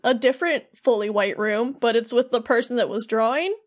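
A woman's voice: a little high, fairly quick. A young adult woman co-hosting a podcast, animatedly recapping a game story in casual chat. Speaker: podcast co-host.

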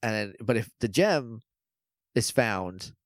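Man recapping with lively pitch. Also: no echo, clean studio sound. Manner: animated retelling full of "like" and quick impressions. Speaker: podcast co-host. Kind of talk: casual episode recap chat.

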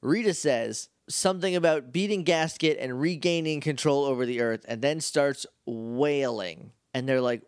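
A podcast co-host with a clean mid-range voice speaks at normal speed with few pauses, in a dry, studio-quality recording. Recapping an episode in casual conversation, he's animated and acts out what the characters say.

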